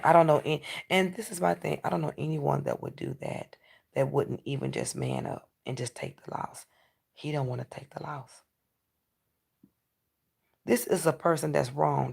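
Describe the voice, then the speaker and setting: Gravelly-voiced woman ranting to camera. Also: low-pitched, darkish tone. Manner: ranting, preachy, profane. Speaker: vlogger. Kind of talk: casual venting monologue.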